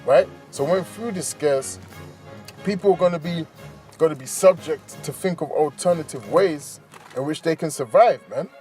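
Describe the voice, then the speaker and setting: Man preaching, slightly high voice. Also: moderate pace, dark tone, soft background music. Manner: casual, keeps ending phrases with "man, right?". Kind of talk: preaching commentary over a news clip.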